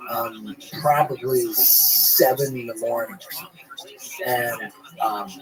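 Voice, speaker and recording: A man telling a rambling, profane story in casual podcast chat, animated and full of restarts. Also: medium pitch, slow pace, crowd noise, poor audio.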